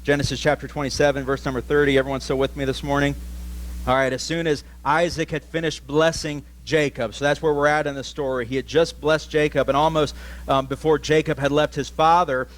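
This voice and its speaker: A male pastor delivers a sermon in a fairly high voice, retelling a story with lively animation. He draws the congregation in with direct questions and vivid scene-setting. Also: brisk.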